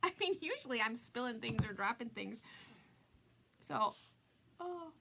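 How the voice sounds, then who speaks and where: A woman's voice: on the high side, animated, measured pace, creaky, noisy background. A woman in her forties hosting a live-stream craft tutorial, chatty and giggly, greeting viewers by name. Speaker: craft product designer hosting a live demo.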